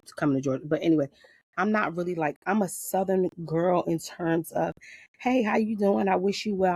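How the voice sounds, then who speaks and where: Low gravelly-voiced woman, blunt and profane. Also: no echo, studio quality. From Paterson, New Jersey. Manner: blunt, profane, animated storytelling. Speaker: podcast host. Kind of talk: casual unscripted chat. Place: outdoors in her backyard garden.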